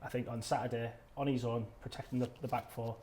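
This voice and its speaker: A man on a fan panel, giving a measured analysis of the match. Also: medium pitch, little pitch movement, dark tone, a little hiss or hum. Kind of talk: casual panel chat.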